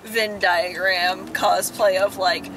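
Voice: mid-range voice, level tone, takes it slowly, a bit bright, low-quality recording. A young adult chatting playfully and teasingly in a car during a casual vlog. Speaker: vlogger. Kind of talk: casual chat. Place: inside a car. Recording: road noise from a car.

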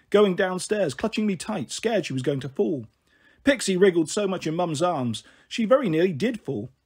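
Husky high-voiced male storyteller. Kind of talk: storybook reading.

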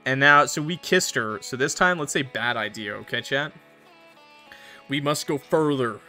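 A man's voice: mid-range voice, moderate pace, bright, forceful tone, soft background music. A man giving casual, joking let's-play commentary to his chat, swearing and mocking himself. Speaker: gaming streamer.

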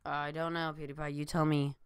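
A man's voice: fairly high pitch, level tone, brisk, smooth, no room sound. A tired young man vlogging from his room, rambling with lots of fillers and restarts. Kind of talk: casual chat to camera. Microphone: new desk mic.

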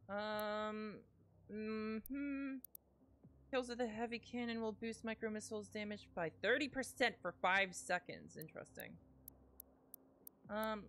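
A woman streaming a video game, reading upgrade text under her breath and ranting loudly with swearing when things go wrong. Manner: mutters upgrade text aloud in a low voice. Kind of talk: casual gameplay commentary.

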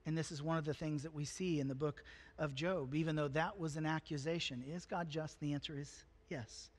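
A man's voice: on the high side, steady tone, fairly quick. A man preaching a sermon, talking to the congregation in an earnest, conversational way and lifting his voice for emphasis. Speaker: pastor.

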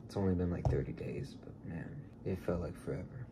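A man vlogging casually, excitable and gushing, with a heartfelt, sincere way of signing off. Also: low voice, a little fast, background noise. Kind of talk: casual food vlog.

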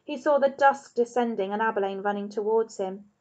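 A primary school teacher, a woman, reading chapters of a children's novel aloud in a calm, expressive storytelling voice. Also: fairly high pitch, a little fast. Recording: dull lo-fi recording.

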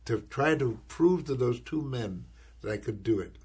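An older actor telling an anecdote in an interview, animated and acting out the voices he quotes, often adding "you know". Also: medium pitch, normal speed, breathy edge. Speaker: actor recalling his career.

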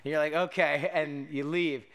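Bright, high-voiced man telling a story. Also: normal speed, vocal fry. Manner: animated, laughing while telling a story. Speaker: podcast host. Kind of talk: casual storytelling chat.

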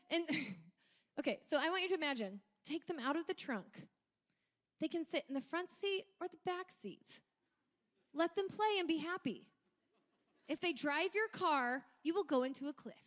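Young woman preaching, super high voice, lively storyteller who yells the punchlines. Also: normal speed, pauses often. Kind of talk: sermon.

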